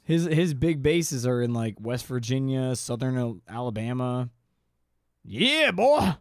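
A man's voice: mid-range voice, steady tone, moderate pace, dark tone, smooth, no room sound, clean studio sound. A man co-hosting a podcast, chatting casually with sarcastic jokes and frequent swearing. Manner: sarcastic, swears freely, slips into mock voices. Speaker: podcast co-host.

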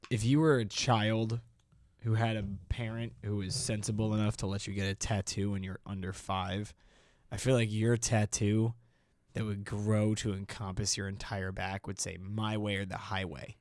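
A man's voice: fairly low pitch, little pitch movement, normal speed, a little mellow, no room sound. A man co-hosting a podcast, rambling in casual banter and often acting out silly exchanges. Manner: rambling, jokey, exaggerated impressions. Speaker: podcast co-host.

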